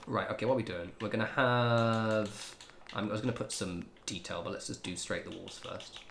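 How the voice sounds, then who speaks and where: A man's voice: lowish voice, fairly even intonation, normal speed, vocal fry, a bit bright, a little hiss or hum. Chill streamer guy chatting while gaming, laughs a lot, swears loads. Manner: laid-back, laughing, swearing freely. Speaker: game streamer. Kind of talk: casual livestream chat while gaming.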